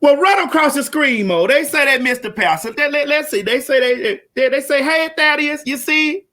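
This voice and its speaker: A woman hosting a live-streamed comedy talk show, loud, brash and profane, hollering at her audience. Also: sits high, lively intonation, fairly quick. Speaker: host.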